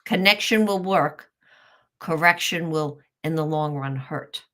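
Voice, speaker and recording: A woman's voice: low voice, a little slow. A woman, a parenting author, giving advice as a guest in an interview and acting out what a parent would say. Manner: animated, acts out what a parent says.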